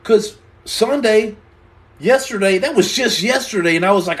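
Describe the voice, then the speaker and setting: A man from the United States chats through a live stream with a voice pitched well above most men's. He jokes with viewers and reads out their questions, acting out little scenes and repeating lines for effect. He stammers and restarts often as he talks. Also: normal speed. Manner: animated and playful, acts out scenes and repeats himself. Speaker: livestream host answering viewer questions. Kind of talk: joking live-stream chat.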